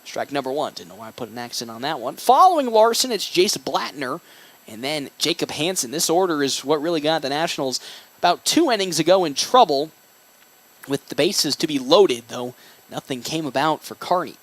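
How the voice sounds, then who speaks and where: A young man doing baseball play-by-play with a high, lively voice that leaps on big plays. He reads sponsor names quickly between pitches. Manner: excitable, rising on big plays. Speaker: play-by-play announcer.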